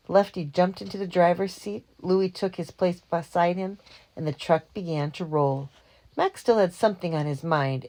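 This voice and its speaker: Low-voiced woman reading a storybook. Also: darkish tone. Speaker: audiobook reader. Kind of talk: storybook narration.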